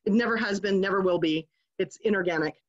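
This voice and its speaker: A woman's voice: medium pitch, fairly quick. Chatty woman lecturing over lo-fi audio. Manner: chatty, digressive, prone to rants. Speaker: class presenter. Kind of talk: casual online lecture. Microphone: video call.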